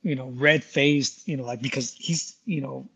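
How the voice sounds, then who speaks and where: A man's voice: medium pitch, fairly even intonation, normal speed, vocal fry, fairly bright tone, slightly rough. A man, a guest musician, telling stories in a casual interview, rambling with many fillers and frequent laughs.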